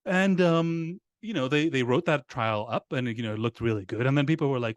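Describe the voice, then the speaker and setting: Halting, laughing man in casual talk. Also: fairly high pitch, big pitch swings, no echo, clean studio sound. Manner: halting, many restarts and fillers, laughs often. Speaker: podcast guest. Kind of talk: casual conversation.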